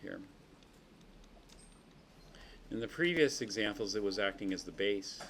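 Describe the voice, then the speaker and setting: A man with a fairly low, lively voice teaches a chemistry class at a brisk pace, walking students through reactions step by step and checking in with them. The lecture takes place in a classroom with noticeable background noise.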